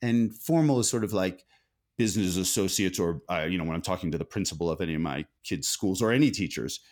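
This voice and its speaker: This American author guest has a low voice and a fast delivery. He comes across as thoughtful in the conversational interview, with many restarts and self-corrections.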